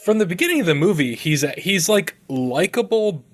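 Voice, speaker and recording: A man co-hosting a podcast, talking in an animated way, full of fillers and restarts. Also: high-pitched, a little fast. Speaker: podcast co-host. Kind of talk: casual podcast chat.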